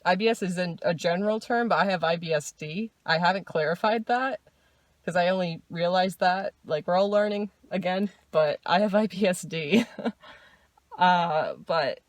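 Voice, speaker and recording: A woman talking casually in a personal diary vlog, rambling, restarting and laughing often, in a dark room at night. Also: fairly low pitch, moderate pace, dry recording. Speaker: vlogger.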